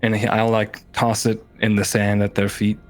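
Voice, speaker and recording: A man playing a tabletop game, relaxed and thinking aloud about his character's moves. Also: on the low side, moderate pace. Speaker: player.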